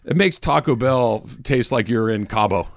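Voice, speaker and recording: Guy on the radio, gravelly voice, dry studio sound, laughs a lot telling stories. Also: mid-range voice, normal speed, no echo. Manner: laughs often, animated storytelling. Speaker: radio show host. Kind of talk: casual radio banter.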